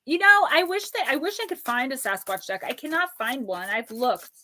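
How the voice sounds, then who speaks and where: A woman hosting a live stream, chatting warmly with viewers and giving oracle card readings, slowing into a soothing cadence when she reads a card's message. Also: high-pitched, animated. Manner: chatty and affectionate, reads cards aloud in a slow soothing cadence.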